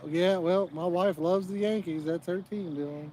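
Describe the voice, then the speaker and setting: Brief: talkative outdoorsy male host, slightly high voice, faint outdoor noise behind. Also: fairly even intonation, normal speed, hardly any pauses, a little mellow. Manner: chatty, joking, rambling. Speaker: fishing channel host. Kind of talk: casual live-stream chat. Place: outdoors at a fishing spot.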